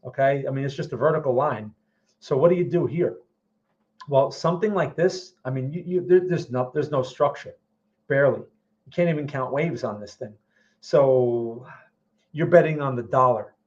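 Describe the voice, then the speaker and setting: A man's voice: mid-range voice, muffled recording. A man hosting a casual market livestream, answering viewer questions and often checking in with "all right" and "okay". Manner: answers viewer questions while looking at charts. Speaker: trading livestream host.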